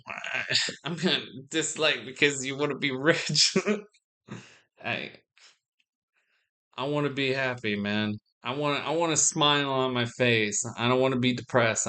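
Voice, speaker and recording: A man's voice: medium pitch, a bit bright, clean tone. A young man talking to his viewers in a rambling, casual monologue, full of restarts and the odd swear word. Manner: meandering, frequent restarts and swearing. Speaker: vlogger.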